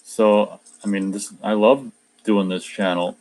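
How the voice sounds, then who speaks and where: A man's voice: lowish voice, fairly even intonation, unhurried, darkish tone. A man hosting a casual radio show, reading viewer comments aloud and answering in a rambling way, often repeating words as he starts sentences. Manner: tries a mock Australian accent in a few short bits. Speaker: radio show host reading live chat. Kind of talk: casual chat.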